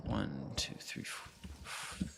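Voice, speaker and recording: Against a noisy background, this streamer talks very slowly while he plays a building game. His commentary is casual: he thinks out loud, drifts off and starts over, murmurs counts under his breath, and answers his viewers.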